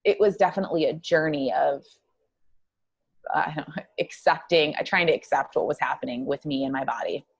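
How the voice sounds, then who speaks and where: A woman guest telling her own story in an interview, earnest and halting, with many fillers. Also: sits low, gravelly, slightly rough, dull audio. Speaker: guest psychologist.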